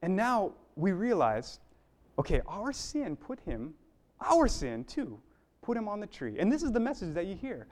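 A man's voice: high voice, huge pitch swings, a little slow. A man preaching a sermon in an earnest, building way, with fillers and restarts along the way.

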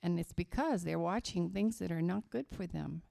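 A woman from West Virginia tells a story to children during a church children's sermon, speaking slowly and emphatically. Her voice is on the low side and warm, with some vocal fry.

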